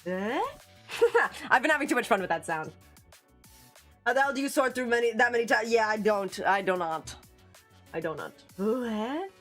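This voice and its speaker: High, lively chatty woman streamer. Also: moderate pace, long pauses. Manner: chatty, giggly, self-described yapper. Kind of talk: casual livestream chat. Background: faint background music.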